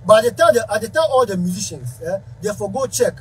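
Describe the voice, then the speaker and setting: A man's voice: sits high, sing-song, fast, a little hiss or hum, low-quality recording. A man speaking Ghanaian Pidgin English, a musician ranting angrily to camera in a heated, confrontational way. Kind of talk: angry rant to camera.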